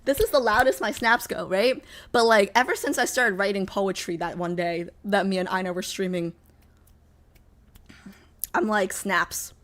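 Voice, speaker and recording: A young woman streaming and chatting casually, rambling with lots of fillers, a little sick so her voice sits lower than usual. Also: moderate pace, a bit bright. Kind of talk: casual livestream chat.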